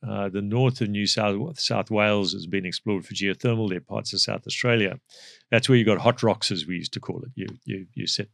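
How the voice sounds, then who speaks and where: A middle-aged man with a South African accent, speaking as an energy expert in a podcast interview, measured and explanatory with frequent fillers. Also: fairly low pitch, creaky, fairly bright tone, dry recording, clean studio sound.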